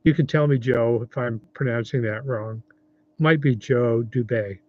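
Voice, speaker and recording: A man's voice: mid-range voice, unhurried, phone-quality sound. A 70-year-old man hosting a casual livestream, rambling in a friendly way and reading viewer comments aloud. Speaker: livestream host.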